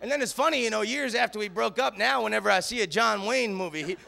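A male comedian spinning loose, rambling stories from a stage, forever tacking "man" onto the end of a line. His voice sits high for a man and has a gravelly edge. The tone is bright and sharp. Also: fast talker. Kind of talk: stand-up storytelling. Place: theater stage.

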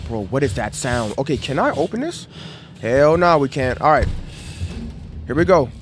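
A man streaming a horror game, talking excitedly to his chat with lots of slang. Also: medium pitch, moderate pace. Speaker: gaming streamer. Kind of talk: horror game let's play commentary. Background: game music.

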